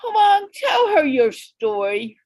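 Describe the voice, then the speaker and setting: Slow, gravelly, high-voiced woman host. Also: very animated, a little mellow, dry recording, rough recording. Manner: emphatic, coaching, repeats words for stress. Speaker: host of English conversation show. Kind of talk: encouraging casual chat. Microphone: video call.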